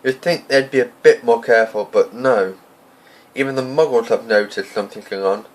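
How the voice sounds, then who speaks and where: In a roughly recorded amateur audiobook, a man with a natural, mid-range voice plays a stern older woman professor. She comes across as impatient, brisk, clipped and exasperated.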